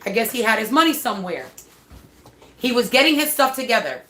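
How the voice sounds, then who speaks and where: A woman casually telling a story about her son, animated and swearing freely as she acts out what people said. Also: fairly high pitch, brisk. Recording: echoey room with faint noise.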